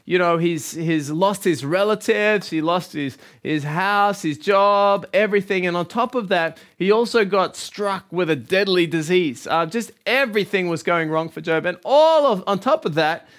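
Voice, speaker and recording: Upbeat pastor, high voice. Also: male voice, moderate pace, hardly any pauses. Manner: warm, encouraging, conversational. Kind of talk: sermon.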